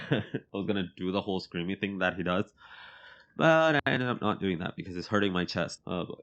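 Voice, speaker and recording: A man's voice: low voice, brisk, a bit bright, lo-fi sound. A man casually commenting on his own gameplay, rambling, poking fun at himself and laughing often.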